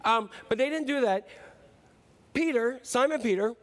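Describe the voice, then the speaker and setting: A man's voice: extremely high pitch, normal speed, fairly bright tone. A man preaching a sermon in a casual, playful way, acting out the story. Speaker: pastor.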